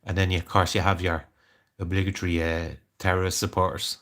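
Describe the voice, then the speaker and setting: A man's voice: deep voice, little pitch movement, a little fast, a bit bright. An Irish man chatting casually on a live stream, rambling and greeting viewers by name. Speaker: livestreamer.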